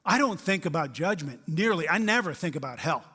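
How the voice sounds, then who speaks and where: Pastor guy preaching, fairly high voice, lively, does little voices for quotes, long echo from the hall. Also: brisk, breathy edge. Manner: animated, acts out quoted voices, swings from loud to hushed. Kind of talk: sermon.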